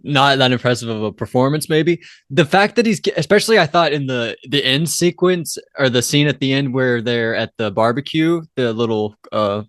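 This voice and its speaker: A man's voice: medium pitch, animated, moderate pace, few pauses, a bit bright, no echo, clean studio sound. A man co-hosting a casual film review podcast, joking and thinking aloud with hesitant fillers. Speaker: podcast co-host.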